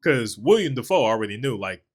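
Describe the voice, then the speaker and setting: A man's voice: mid-range voice, sing-song, a little fast, breathy edge. A man co-hosting a casual film review chat, retelling the plot with energy, acting out character lines and laughing often.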